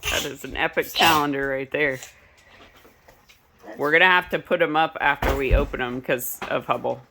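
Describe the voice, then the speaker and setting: Low gravelly-voiced woman vlogging at home. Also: fairly even intonation, normal speed. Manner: chatty, rambling. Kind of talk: casual vlog chat. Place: home, indoors. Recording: noisy home recording.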